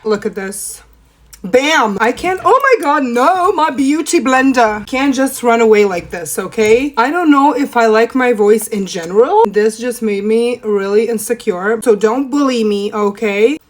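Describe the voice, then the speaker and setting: A young woman with a hoarse, rough voice from a cold, chatting playfully through a makeup tutorial. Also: lively intonation, unhurried. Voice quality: deep, rough voice. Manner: playful, self-mocking, chatty. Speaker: makeup vlogger. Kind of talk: casual makeup tutorial chat.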